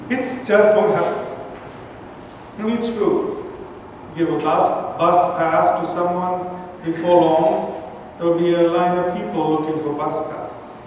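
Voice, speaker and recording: A man's voice: high-pitched, fairly even intonation, a little slow, darkish tone, a little hiss or hum. Man preaching in an echoey church. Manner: storytelling, acts out street voices in quotes. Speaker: pastor. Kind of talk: sermon. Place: large church sanctuary. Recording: echoey church hall, mic from far off.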